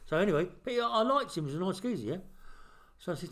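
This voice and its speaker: A man's voice: high-pitched, lively intonation, fast, vocal fry, a bit bright. A middle-aged man, a podcast host telling a blunt, swear-filled story in casual chat.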